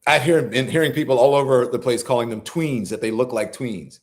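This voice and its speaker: A middle-aged man hosts a live political commentary show, his medium-pitched voice moving a little fast. He scolds and sounds incredulous as he argues, swearing freely.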